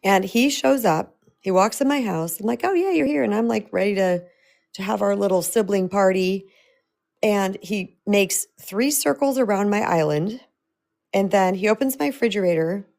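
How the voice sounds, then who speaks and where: A middle-aged woman host telling a personal story in a chatty, animated way, laughing often. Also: mid-range voice, normal speed, gravelly. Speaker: host and self-love coach. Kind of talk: storytelling talk.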